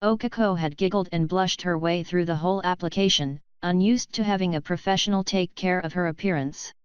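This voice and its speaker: Woman narrator, calm and even, lowish voice, very clean and dry, slightly dull sound. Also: brisk, clear, resonant tone, no room sound. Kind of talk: fan fiction audiobook narration. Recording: slightly dull, dry close-mic recording.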